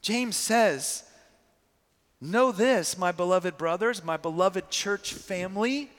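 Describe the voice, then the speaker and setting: Male preacher, high voice, storytelling sermon, echoing hall. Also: unhurried. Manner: animated storyteller acting out quotes. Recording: long hall reverb.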